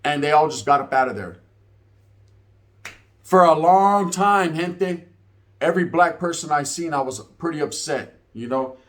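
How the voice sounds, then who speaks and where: A man's voice: a little high, expressive, measured pace, pauses often, a bit bright. A man in his forties telling a story and giving his opinion in casual, profane street talk, often tagging his lines with "right?". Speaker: reaction video host.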